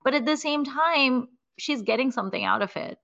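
A woman co-hosting a podcast, retelling a film scene in a casual, animated way full of "like" and "you know". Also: high-pitched, moderate pace, gravelly, dull audio. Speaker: podcast co-host.

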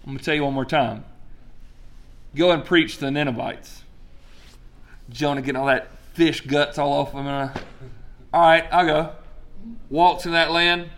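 A male preacher delivering a lively, conversational sermon, telling a story with casual asides to his congregation. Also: fairly high pitch, moderate pace, pauses often.

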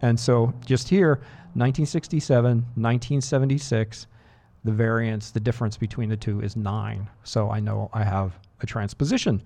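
A male radio DJ talking casually between songs in a studio. His voice sits at an ordinary mid pitch, and he rambles in a friendly way with self-deprecating asides. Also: steady tone, normal speed, creaky, warm tone. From Boston area. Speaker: radio DJ host. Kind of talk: casual on-air chat.

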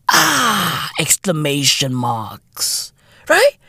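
A South African man hosting a podcast, ranting in a profane, mocking way and often shouting. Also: high-pitched, animated, slow pace, dry recording, studio quality. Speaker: podcast host. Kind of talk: comedic rant.

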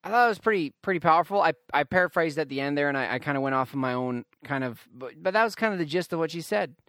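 A man's voice: a little high, animated, a bit bright, no echo, clean studio sound. A man hosting his own podcast, talking casually and earnestly, drawing out words for emphasis. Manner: earnest, reflective, drawn-out emphasis. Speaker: podcast host. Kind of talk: casual solo podcast talk.

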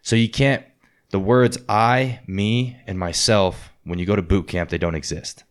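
A man's voice: on the low side, unhurried. A man telling blunt, profane stories about boot camp in casual podcast chat. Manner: profane, blunt, animated storytelling. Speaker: podcast host, former Marine.

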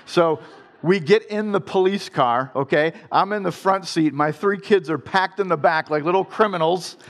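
Speaking at a moderate pace in a slightly bright voice that sits high, an Ohio dad shares a personal story. His earnest, conversational telling, dotted with self-deprecating laughter, becomes a devotional message.

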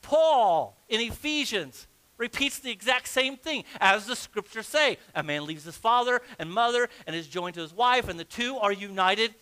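A man's voice: high-pitched, expressive, moderate pace, bright, forceful tone. A man preaching a sermon as pastor, reading scripture aloud and acting out the story with humor. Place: church sanctuary.

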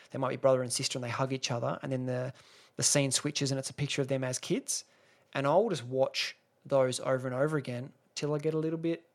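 Rambling Australian guy ranting on a podcast. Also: a little high. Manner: rambling, sarcastic, swears freely, many restarts. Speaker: podcast host. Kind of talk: casual solo podcast rant.

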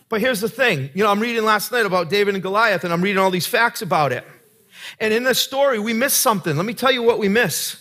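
A male pastor preaches a sermon in a high, bright voice with a husky edge. His delivery is earnest and conversational, and he frequently addresses the congregation with direct questions.

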